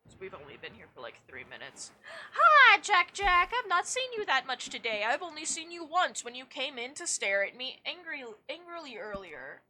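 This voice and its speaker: A woman's voice: on the high side, very animated, a little fast, few pauses, noisy background. A young woman streaming a game, chatting casually, swearing freely and poking fun at herself. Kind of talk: casual gameplay chat.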